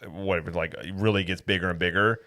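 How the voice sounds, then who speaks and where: A man co-hosting a podcast in casual, jokey conversation, animated and playful. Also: deep voice, quick pace, dry recording, studio quality. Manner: animated, jokey, puts on yelling voices. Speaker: podcast co-host. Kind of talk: casual chat.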